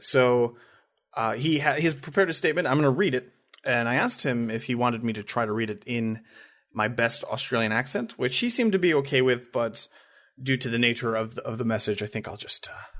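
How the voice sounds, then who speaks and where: A man's voice: medium pitch, a bit bright. A man co-hosting a podcast, chatting casually and often repeating words as he talks. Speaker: podcast co-host.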